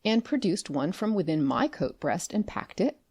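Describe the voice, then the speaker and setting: Expressive woman reading an audiobook. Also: lowish voice, normal speed, breathy edge, no room sound, clean studio sound. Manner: expressive storytelling. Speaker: audiobook narrator. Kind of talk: scripted narration.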